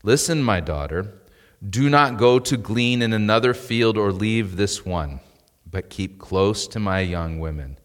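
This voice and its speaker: A man's voice: on the low side, lively intonation, measured pace, big-room sound. A man preaching an expository sermon in a church, reading scripture and breaking off into asides and rhetorical questions. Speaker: pastor.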